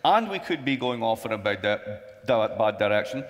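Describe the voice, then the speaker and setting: A man's voice: on the low side, sing-song, moderate pace. A man moderating a conference panel, conversational and wry, with asides. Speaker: moderator, professor. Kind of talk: onstage panel interview. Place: large conference hall. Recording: long hall reverb.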